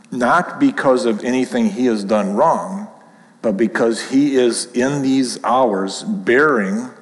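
A man's voice: lowish voice, long reverb tail, low-quality recording. A man teaching a Bible class, reading scripture aloud with rising emphasis and asking the group questions.

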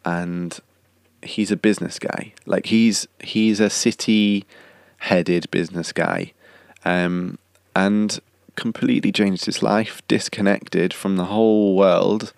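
Here the young singer-songwriter and podcast host, slightly coughing, talks slowly in a low, creaky, steady voice. His monologue is casual, rambling and chatty, full of self-corrections, and the studio-quality audio has no echo.

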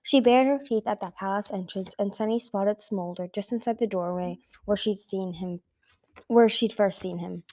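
A woman's voice: medium pitch, moderate pace, mellow. A woman narrating a fantasy novel chapter as an amateur audiobook, reading carefully and often correcting herself. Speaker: audiobook reader.

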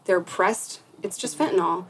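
A woman's voice: lowish voice, normal speed, slight background noise, poor audio. A young woman guest in a casual interview, talking frankly and profanely, with a self-mocking laugh. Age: young adult. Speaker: podcast guest.

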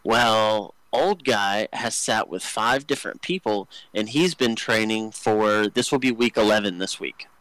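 A man's voice: on the low side, fairly bright tone, no echo, poor audio. Crude joking young man on a podcast. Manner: crude, joking, fast rambling with many fillers. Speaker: podcast co-host. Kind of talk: casual storytelling chat.

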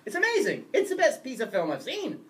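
A parent in casual podcast chat, talking about films in an animated, exclamatory way. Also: sits high, fairly quick, crowd noise. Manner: animated, exclamatory fan talk.

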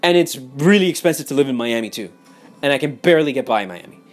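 A young man in a heated, profane, casual rant. He repeats himself and swings between loud outbursts and muttering. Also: mid-range voice, expressive, quick pace, faint music behind. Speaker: vlogger. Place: home in Miami.

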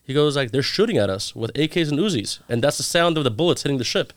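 Animated man telling stories in an interview. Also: medium pitch, fast, no room sound. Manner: animated storyteller acting out quoted dialogue. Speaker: guest. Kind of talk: casual storytelling interview.

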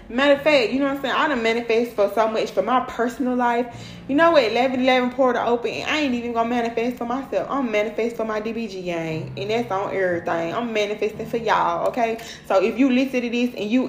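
A woman's voice: mid-range voice, a little hiss or hum. Blunt, profane woman in an echoey room. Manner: profane, blunt and preachy, heavy swearing and repeated "okay?" and "period". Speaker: tarot reader addressing her followers. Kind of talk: casual spiritual tarot reading.

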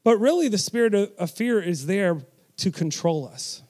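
A man's voice: high-pitched, lively intonation, normal speed, warm tone. A man preaching a sermon, emphatic and direct, with self-deprecating asides and call-and-response with the congregation.

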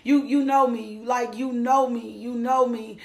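A woman's voice: on the high side, steady tone, measured pace, creaky. A middle-aged woman giving a church testimony, emphatic and repeating phrases for effect. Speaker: testimony speaker. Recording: echoey room.

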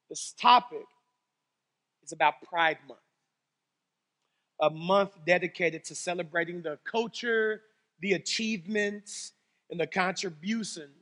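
A man preaching a sermon as pastor, telling stories animatedly, swinging between loud exclamations and low serious tones. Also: in a large hall. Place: church sanctuary.

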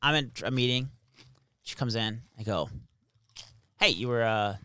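A man casually shares stories from his days as an army captain, swearing freely and animatedly quoting the people involved. His mid-range voice is brisk but broken by long pauses. The recording is clean, dry and studio quality.

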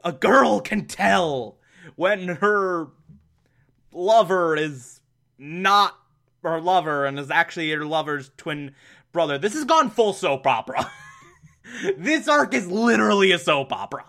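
High, bright-voiced man recapping a show. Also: measured pace, creaky. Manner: animated, exasperated, laughing asides. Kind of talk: casual episode recap.

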